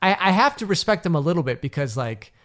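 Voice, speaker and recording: A man's voice: on the high side, very animated, fast, a bit bright. A man in his thirties, a podcast guest, chatting casually in a rambling way with many restarts. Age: 30s.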